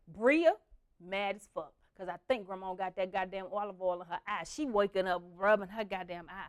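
A young adult woman telling family stories in a casual, profane, animated way, slipping into the voices of her relatives. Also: mid-range voice, measured pace. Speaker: storyteller. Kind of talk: casual storytelling.

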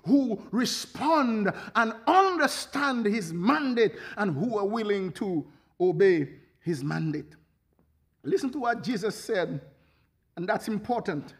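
A man's voice: sits high, sing-song, slow. A man preaching a sermon as pastor, fervent, with frequent hallelujahs and bursts of laughter.

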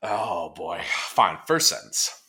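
A man hosting a podcast, chatting casually about sports in a relaxed, laid-back way, with lots of fillers and the odd curse word. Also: low voice, slow pace, husky. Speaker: podcast host.

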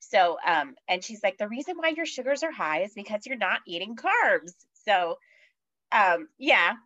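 A woman's voice: medium pitch, sing-song, moderate pace, sharp tone. A woman guest on a podcast, telling a personal story in a casual chatty way, with lots of fillers and acted-out quotes. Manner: chatty, many fillers, acts out quoted voices. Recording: dull lo-fi audio.

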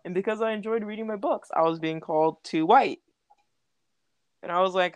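A woman's voice: mid-range voice, a little fast, pauses often, smooth, no echo. A young adult woman talking in casual podcast chat, laughing often and using lots of fillers. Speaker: podcast co-host.

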